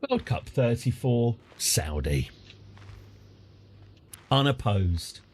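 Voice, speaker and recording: A man's voice: medium pitch, big pitch swings, drawn-out words, a little mellow, slight background noise. A man in his forties with an English accent, chatting casually and wryly while streaming a game live, rambling off on tangents and answering his chat. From England.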